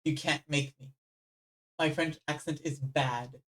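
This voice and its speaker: Streamer voicing game lines live, mid-pitched voice, animated, with loud outbursts and quiet murmured stretches. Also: unhurried. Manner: animated, swings between loud bursts and low murmured reading. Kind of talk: reading game dialogue aloud live.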